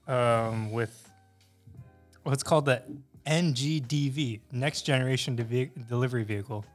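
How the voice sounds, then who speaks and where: A man's voice: medium pitch, measured pace, soft background music. Laid-back man reading news to friends. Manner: reads news articles aloud, swears and laughs often. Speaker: podcast co-host. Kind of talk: casual group chat.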